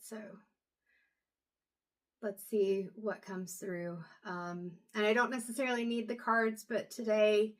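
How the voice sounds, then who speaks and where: A woman doing an intuitive reading, talking to camera in a soft, halting way with many pauses and low energy. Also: flat delivery. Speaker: intuitive reader. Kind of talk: casual talk to camera.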